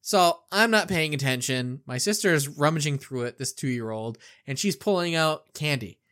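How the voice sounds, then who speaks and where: A middle-aged man co-hosting a podcast, telling a childhood story in a casual, animated way and acting out the quotes. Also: fairly high pitch, normal speed. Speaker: podcast co-host.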